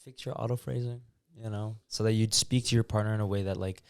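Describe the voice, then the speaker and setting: A man's voice: on the low side, fast talker, clear, resonant tone, no room sound, clean studio sound. A young man co-hosting a podcast, talking casually and rambling with lots of fillers. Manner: relaxed, rambling, many fillers. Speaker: podcast co-host. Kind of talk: casual chat.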